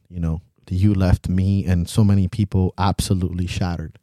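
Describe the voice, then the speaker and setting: A man's voice: low voice, fairly even intonation, a little fast, hardly any pauses, warm tone, no room sound, clean studio sound. A young man co-hosting a podcast, talking bluntly and emotionally, swearing freely. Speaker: podcast co-host. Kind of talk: candid podcast chat.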